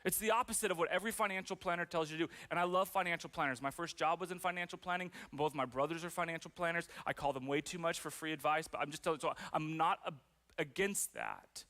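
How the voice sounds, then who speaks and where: A man's voice: on the high side, quick pace, sharp tone. A man preaching a sermon as pastor, conversational and self-deprecating, with playful asides.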